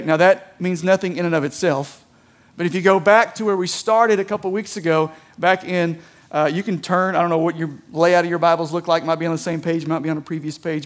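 A man preaching a sermon in a conversational way. He reads scripture aloud and explains it, often checking in with listeners with a quick "right?". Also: high-pitched. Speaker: pastor.

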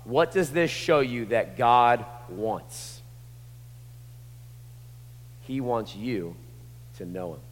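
A man preaching a sermon, moving from hushed, intimate lines to passionate shouting. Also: medium pitch, animated, extremely slow, pauses often. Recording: long hall reverb.

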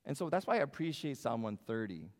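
Talking fast and very animated, a male pastor with a medium-pitched voice preaches in a church sanctuary. He keeps it conversational and asks the congregation questions, and the recording carries long hall reverb.

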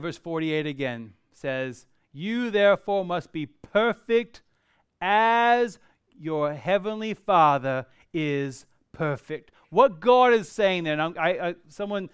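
A man preaching a sermon earnestly, swinging from loud emphasis to quiet, slow passages. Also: a little high, smooth, dry recording, studio quality. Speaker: pastor.

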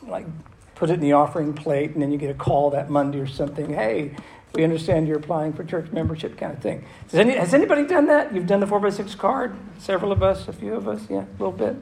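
Gravelly man teaching in an echoey room. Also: fairly high pitch, fast talker, darkish tone. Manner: conversational, questioning the audience, repeats himself. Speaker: pastor teaching a church class. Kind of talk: interactive sermon. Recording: roomy echo with faint room noise.

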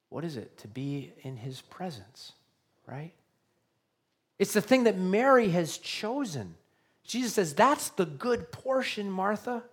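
A man's voice: a little high, husky. A male pastor giving a sermon, earnest and repetitive, often checking in with his listeners by asking questions.

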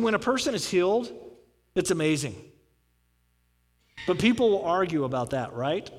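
A man preaching a sermon in a casual, animated storytelling way, acting out dialogue. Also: sits high. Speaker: pastor. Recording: long reverb from a large hall.

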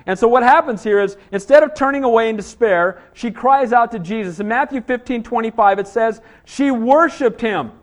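A man preaching a sermon, a father of small children, full of rhetorical questions and frequent calls of "Amen?" to the congregation. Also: high voice. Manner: call-and-response, asks "Amen?" often; rhetorical questions, rising to emphatic cries. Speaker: pastor.

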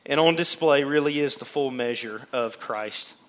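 A man preaching a sermon to his church as pastor, animated, and he acts out the voices of the people in the pews. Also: medium pitch, moderate pace. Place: church sanctuary.

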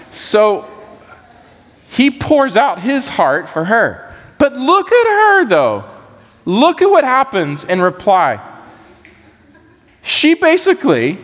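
Animated preacher in a hall. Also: male voice, high voice, slow pace, long pauses. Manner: animated, acts out quoted voices. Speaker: pastor. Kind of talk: sermon.

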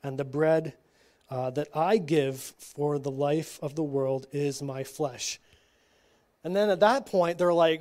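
A man reading scripture slowly at a church teaching, breaking off for casual asides and frequent checks like "okay?". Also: a little high, darkish tone. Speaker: Bible study teacher.

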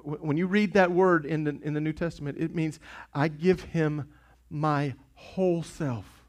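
A man preaching a sermon as pastor, impassioned and urgent, often repeating himself for emphasis. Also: on the high side. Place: church sanctuary.

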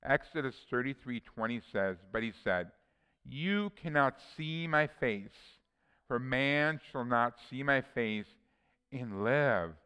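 A man delivers an earnest sermon, reading scripture aloud between plain personal asides. His voice is smooth and resonant at an ordinary pitch, and a long reverb trails behind it in a church hall. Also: animated, slow, sharp tone. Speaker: preacher.

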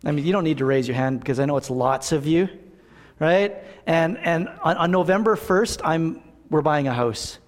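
A man preaching a conversational, animated sermon as a pastor in a church, asking the congregation rhetorical questions. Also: fairly high pitch, moderate pace. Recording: long reverb of a church hall.

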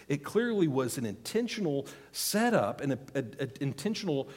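A man's voice: fairly high pitch, big pitch swings, normal speed, few pauses, a little mellow, breathy edge. A man in his thirties preaching a sermon to a congregation, teaching earnestly, pleading for emphasis and putting questions to the room. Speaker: pastor.

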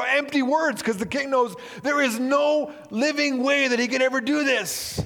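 A man preaching a sermon, telling a parable with animated storytelling and acting out the characters' voices. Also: normal speed, hardly any pauses, long reverb tail. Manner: animated storytelling, acting out characters with big swings in pitch and volume. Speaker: pastor.

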